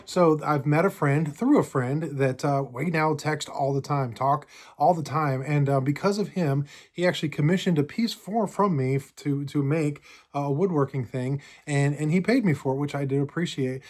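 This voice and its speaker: A middle-aged man telling stories on his card collecting channel, chatty and halting, with many fillers and restarts. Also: on the high side, darkish tone. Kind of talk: casual storytelling vlog.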